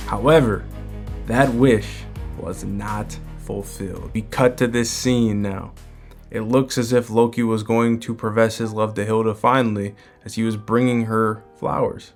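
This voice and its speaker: A man's voice: on the low side, steady tone, moderate pace, soft background music. A man hosting a manga breakdown in a casual commentary style, using plenty of "like" and "you know".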